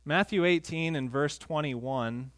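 A male pastor preaching a sermon in a conversational, earnest way, with quick asides to the congregation. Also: a little high, a bit bright, no echo.

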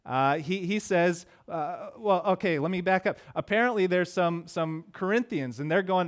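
Man preaching a relaxed, conversational sermon. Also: high voice, moderate pace, few pauses. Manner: conversational, repeats words when starting phrases. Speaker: pastor.

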